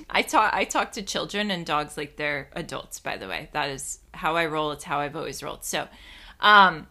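Swearing freely and poking fun at herself, a young woman spins a story in a loose, animated monologue. Her voice is deep yet bright and forceful, and its edge stays sharp the whole way.

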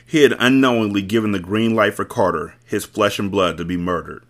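Low-voiced man reading a novel aloud. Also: a little fast. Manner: wry, joking asides. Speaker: host, book reader. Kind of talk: audiobook-style reading with commentary.

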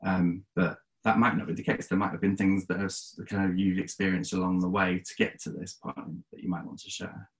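A man's voice: low voice, level tone, a little fast, few pauses, rough recording. A man hosting a casual interview over a video call, asking rambling, encouraging questions. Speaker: interview host.

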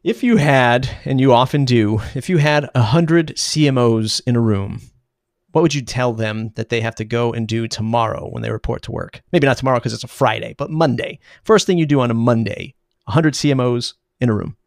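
A man's voice: medium pitch, a little fast, creaky, dry recording. Young host guy from boston area, easygoing questions, dry close mic. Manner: friendly, easygoing questions with light laughs. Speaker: podcast host. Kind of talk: conversational interview.

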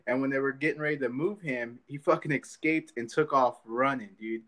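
A man's voice: mid-range voice, fairly quick, fairly bright tone. A man hosting a podcast in casual chat, rambling loosely with many fillers and swearing. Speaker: podcast host.

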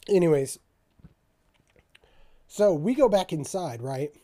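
A man's voice: on the high side, takes it slowly. Profane young man telling a story. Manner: profane, animated storytelling with quoted dialogue. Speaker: storyteller in a casual podcast chat. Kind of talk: casual chat.

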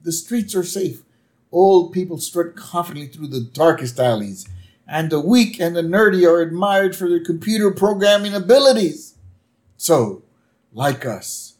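A man voicing Homer Simpson, a bumbling cartoon dad, in a loud blustery rant. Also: on the high side, voice pushed up.

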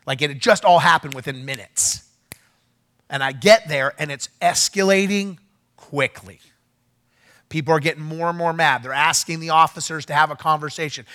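A male pastor telling a story during a sermon, animated and getting loud when he acts out what was said. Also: on the high side, moderate pace. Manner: animated, shouts when acting out quotes. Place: church.

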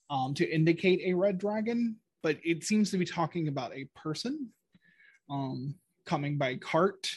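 A man running a tabletop game over a call, halting through his narration with frequent ums and little laughs. His voice is somewhat high and unhurried. The sound is dry and close. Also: husky, dry recording. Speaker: game master.

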